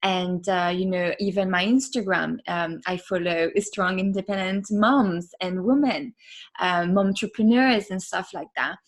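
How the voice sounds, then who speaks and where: A woman podcast host being interviewed, talking casually with many fillers and soft laughs. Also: on the low side, unhurried.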